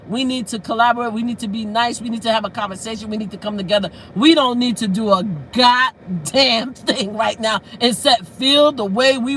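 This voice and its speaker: An outspoken woman chatting on a casual livestream, with a bright, forceful edge to her voice. She is animated, curses freely and laughs her way through stories. A faint hum of noise sits behind her. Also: on the high side, poor audio. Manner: breaks into laughter while storytelling; loses track of names and trails off. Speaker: livestream host. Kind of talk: casual live-stream talk.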